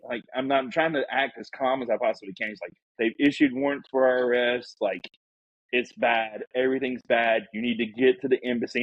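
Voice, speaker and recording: A man telling a story casually as a podcast guest, animated and acting out the people he quotes. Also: mid-range voice, a little fast, no echo, rough recording.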